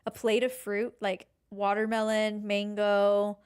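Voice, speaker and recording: A woman's voice: medium pitch, monotone, takes it slowly, darkish tone, smooth. A woman co-hosting a podcast, chatting in a playful, crude and teasing way. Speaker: podcast co-host. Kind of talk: casual podcast chat.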